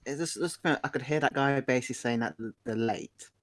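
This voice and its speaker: A man's voice: medium pitch, no room sound. A man playing in a tabletop role-play game, eagerly describing his character's actions. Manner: quick, eager in-character planning. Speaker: player.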